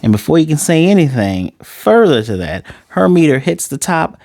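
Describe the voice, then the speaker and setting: A man's voice: on the high side, sing-song, moderate pace, gravelly, darkish tone, dry recording. Young guy gabbing through an anime recap, slangy and jokey, cusses a lot, dead dry sound. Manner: loose, joking, slangy, swears freely. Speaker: anime reviewer. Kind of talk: casual recap and review.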